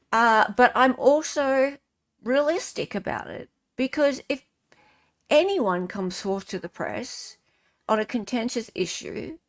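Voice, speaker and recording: A woman's voice: medium pitch, vocal fry. An Australian woman hosting a casual livestream chat, greeting viewers and reading their comments aloud. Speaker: livestream host.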